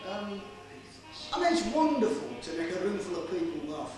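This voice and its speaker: A man's voice: high-pitched, sing-song, moderate pace. A man as an earnest Brummie comic actor. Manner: earnest, plain-spoken, slightly sheepish. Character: modest working-class male comic actor. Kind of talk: stage play acting. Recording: roomy theatre sound from far off, music.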